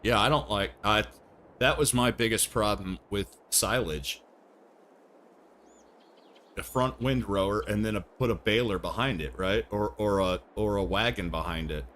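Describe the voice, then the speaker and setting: A man with a lowish voice talks loosely over his gameplay stream, chatting with his viewers. He thinks out loud and laughs at himself along the way. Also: a little slow, a little hiss or hum. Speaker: livestreamer. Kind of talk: casual gameplay commentary.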